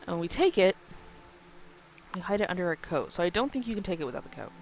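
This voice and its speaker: A woman's voice: lowish voice, very animated, quick pace, slight background noise. A woman giving joking, chatty let's play commentary over a game. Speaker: game streamer.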